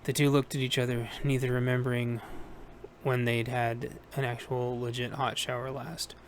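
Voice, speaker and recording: Male audiobook narrator, even monotone reading, light hiss in the recording. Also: mid-range voice, moderate pace. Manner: steady, plain reading with small self-corrections. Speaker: audiobook reader.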